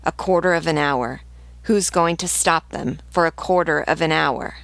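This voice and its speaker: A woman's voice: deep voice, normal speed, a bit bright, no echo. A woman reading the lines of a stern aristocratic male rebel commander in a resolute, commanding way.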